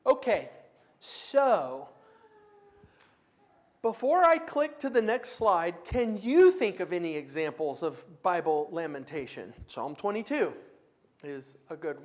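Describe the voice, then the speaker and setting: A man's voice: high voice, big pitch swings, unhurried. A man leading a church Bible class in a conversational way, taking comments and reading scripture aloud with emphasis. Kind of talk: church class teaching with discussion.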